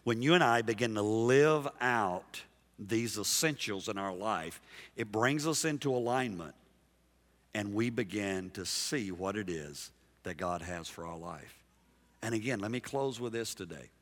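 A man preaching a sermon as pastor, emphatic and dynamic, dropping soft and then rising loud while he calls out to the congregation. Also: fairly low pitch, unhurried. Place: large church sanctuary. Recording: long hall reverb from a big church.

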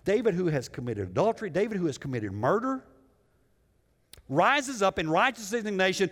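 A male pastor preaching a sermon with dramatic swings between loud emphasis and hushed lows. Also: very animated, moderate pace. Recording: long hall reverb.

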